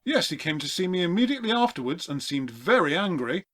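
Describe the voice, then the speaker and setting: A man voicing an eccentric, excitable collector in a comedy audio play, with a polite, formal manner. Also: high voice, quick pace, heavily acted. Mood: prim.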